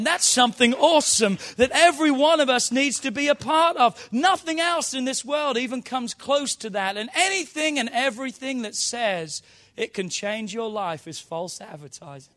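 A pastor preaches emphatically in a high, fairly bright male voice, calling on the congregation to answer back in call-and-response fashion.

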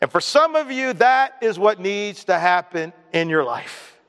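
A male pastor preaching a lively sermon, acting out quoted voices and leading the congregation in responses. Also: sits high, a little slow, smooth. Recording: long hall reverb.

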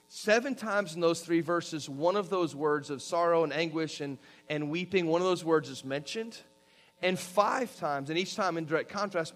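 A man preaching a sermon, reading scripture aloud and walking listeners through the verses in an earnest, instructive way. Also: a little high. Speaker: pastor.

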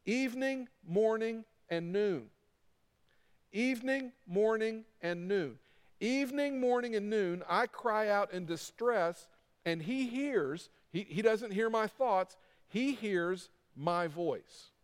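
A man's voice: high-pitched, animated, takes it slowly, clear, resonant tone. A middle-aged man preaching a sermon as pastor, with emphatic repetition and acted-out quotes. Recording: long reverb of a large hall.

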